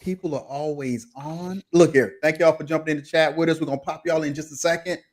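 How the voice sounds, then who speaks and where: A man's voice: on the high side, fairly even intonation, fast. A man hosting a podcast recap, playful and drawling. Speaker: podcast host. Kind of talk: casual recap chat.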